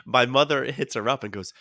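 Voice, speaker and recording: A man co-hosting a casual podcast, telling stories in an animated way and slipping into quoted voices. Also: mid-range voice, dry recording, studio quality. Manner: animated storyteller who jumps into quoted voices. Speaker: podcast co-host.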